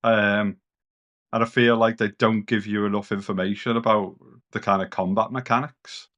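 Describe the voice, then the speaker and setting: Rambling British man, low-ish voice. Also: flat delivery, normal speed, a bit bright, dull audio. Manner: rambling, loose and sweary, lots of "kind of". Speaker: podcast co-host. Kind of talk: casual gaming chat.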